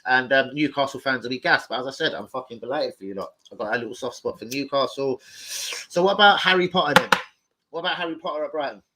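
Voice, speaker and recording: A young man ranting live about football to his viewers, loud, sweary and jokey. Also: medium pitch, fast, slight background noise, rough recording. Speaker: football fan livestreamer.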